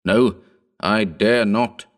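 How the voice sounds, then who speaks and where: A starving castaway calls out from the dark sea, hopeless and halting, stumbling over his words as he begs, as a man reading the tale puts him on. The voice sits higher and pushes harder than an everyday speaking voice. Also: animated. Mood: anguished. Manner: faltering, pleading.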